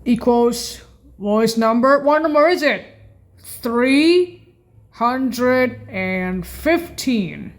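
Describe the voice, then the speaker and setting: A woman explaining keyboard voice settings in a casual way, halting and often correcting herself and apologizing. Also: a little high, expressive. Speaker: keyboard instructor.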